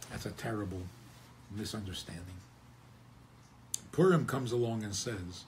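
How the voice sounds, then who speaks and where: A man's voice: fairly low pitch, unhurried, pauses often, a little mellow, slight background noise. A man, a rabbi, giving a conversational religious talk with wry humor, rhetorical questions and frequent chuckles.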